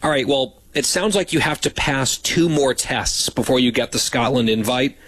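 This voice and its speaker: A man's voice: mid-range voice, moderate pace, fairly bright tone, breathy edge, no echo. A man hosting a radio talk show, bantering casually with dry, teasing humor.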